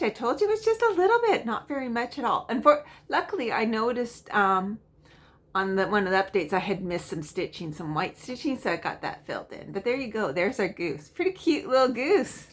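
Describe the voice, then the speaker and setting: A woman's voice: fairly high pitch, animated, normal speed, a bit bright. A middle-aged woman chatting casually at home as a cross-stitch vlogger, rambling with frequent ums and small laughs. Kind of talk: casual chatty show-and-tell.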